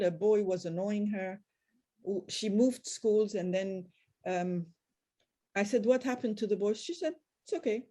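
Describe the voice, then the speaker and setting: A woman's voice: medium pitch, dark tone. An older woman telling family anecdotes on a group video call, often quoting past conversations. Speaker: guest.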